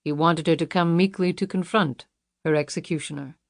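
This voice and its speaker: A woman reading a suspense novel audiobook in a measured, dramatic narration. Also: low-pitched, steady tone, creaky, no echo, studio quality. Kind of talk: scripted thriller narration.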